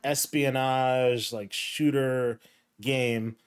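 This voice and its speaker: A man hosting a gaming podcast in casual chat, relaxed and rambling with filler words. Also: medium pitch, extremely slow, clear, resonant tone. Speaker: podcast host.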